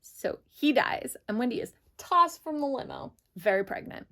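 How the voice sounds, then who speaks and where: A woman's voice: a little high, big pitch swings, moderate pace, fairly bright tone. Chatty young woman reviewing a book. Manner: chatty, many "like" fillers.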